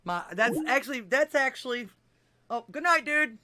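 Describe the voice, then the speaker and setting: A woman's voice: high-pitched, expressive, moderate pace, sharp tone, slight background noise. A woman hosting a live call-in talk show, chatting in a laid-back way with callers. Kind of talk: casual call-in chat.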